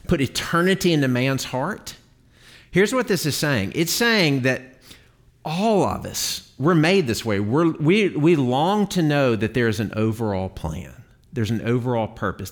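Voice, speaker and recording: A man teaching a Bible class to a group in a classroom, talking casually with filler words and restarts. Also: mid-range voice.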